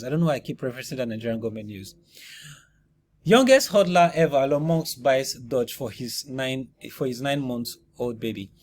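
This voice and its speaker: A man's voice: fairly high pitch, slight background noise. A man giving casual commentary on cryptocurrency news in an emphatic, rhetorical way. He keeps tossing in "you see?" and "right?" and often restarts or repeats words.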